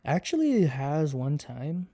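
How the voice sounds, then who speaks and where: A man's voice: fairly high pitch, measured pace. A laid-back young man, a college student, chatting casually as a podcast guest. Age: young adult. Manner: laid-back, relaxed storytelling. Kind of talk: casual chat.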